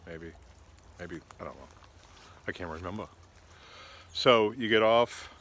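A man's voice: on the low side, fairly bright tone. Chatty, exasperated man telling a story. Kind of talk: casual travel storytelling.

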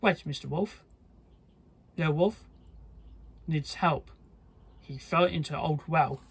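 Worried little pigs crying out, slow breathy narrator. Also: mid-range voice, heavily acted. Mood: pleading. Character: fretful little pigs, a group.

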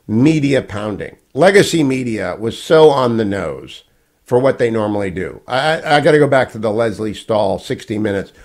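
An older man hosting a political talk radio show, lecturing emphatically and repeating his key points. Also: mid-range voice. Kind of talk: opinionated political monologue.

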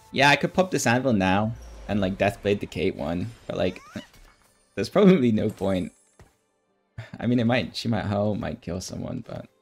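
A man with a deep, gravelly voice talks through his game as a streamer, musing aloud in an easygoing way. Faint music plays under his casual commentary. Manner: thinking aloud, relaxed, mumbling asides. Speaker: streamer playing a strategy game.

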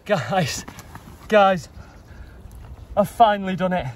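A man, out of breath and excitable, giving vlog commentary while fishing outdoors by a river. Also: sits high, slow pace. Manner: excitable, breathless, swearing mildly. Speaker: fishing vlogger. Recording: outdoor vlog with loud water noise.

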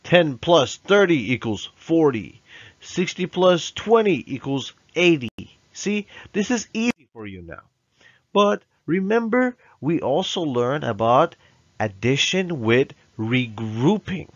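A man teaches arithmetic to young children at an unhurried pace, his pitch bouncing up and down as he coaxes and checks that they follow. The recording is dry and somewhat dull, like a modest classroom video setup. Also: sing-song, dry recording. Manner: slow, patient, coaxing with frequent "right?" checks; drills pronunciation, having children repeat words. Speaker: math teacher.

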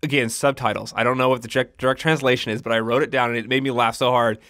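A man's voice: mid-range voice, fairly even intonation, fast, fairly bright tone, no room sound, studio quality. A man co-hosting a podcast, retelling movie scenes in a rambling casual way, acting out lines and swearing freely. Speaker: podcast co-host. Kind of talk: casual film discussion.

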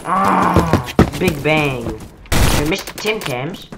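Swearing woman over loud gunfire. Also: low voice, slow pace, vocal fry, heavy background noise. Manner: irreverent, swearing, rambling. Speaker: gamer. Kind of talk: gameplay commentary. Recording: loud gunfire game audio behind.

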